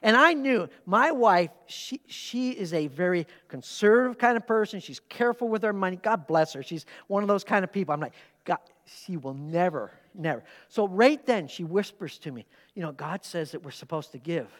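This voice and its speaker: A man preaching in a church, his voice carrying a long reverb through the large hall. He talks in an animated, conversational way, breaking off for quick asides and questions to the congregation. He tells personal stories from the pulpit. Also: sits high. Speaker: pastor. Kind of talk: sermon with personal storytelling. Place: church sanctuary during a service.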